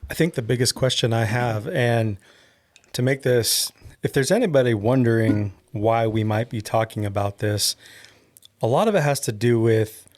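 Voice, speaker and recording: A man's voice: mid-range voice, moderate pace, darkish tone. A man hosting a podcast, asking a guest a question and taking care to explain why the topic matters to the show. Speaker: podcast host. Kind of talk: interview questions.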